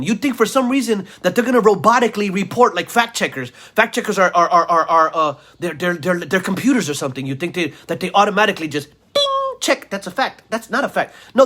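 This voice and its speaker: High-voiced man in a heated rant. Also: fairly bright tone. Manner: insulting, repetitive, heated rant; frequent stammered restarts. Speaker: vlogger. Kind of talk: ranting video commentary.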